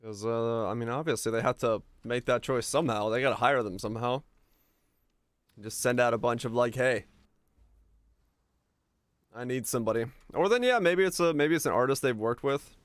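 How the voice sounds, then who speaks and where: A man's voice: mid-range voice, fairly quick, clean tone, dry recording. A man streaming a game and chatting casually with his viewers, musing and rambling as he answers their comments. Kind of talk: casual stream chat while gaming.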